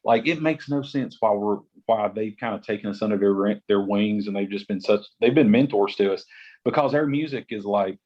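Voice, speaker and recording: Talking casually as a podcast guest, a gospel singer from West Virginia wanders from point to point, frequently restarting and saying "like" a lot. He has a lowish, slightly mellow voice and speaks a little fast. The audio's high frequencies are cut off.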